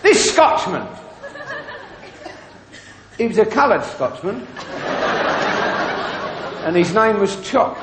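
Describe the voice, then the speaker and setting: A stand-up comedian with a strikingly high voice that leaps around as he tells crude jokes. He keeps jumping into little character voices mid-story. He is recorded live in a very echoey venue, with a loud audience laughing behind him. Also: sing-song, slow pace, long pauses, noisy background. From England. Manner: bawdy joke-telling, slipping into character voices.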